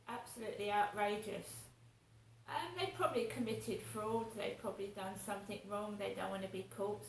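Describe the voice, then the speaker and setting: A woman's voice: medium pitch, slight background noise. A woman vlogging in a rambling, indignant monologue, swearing as she talks. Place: home flat. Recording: roomy echo, distant from mic.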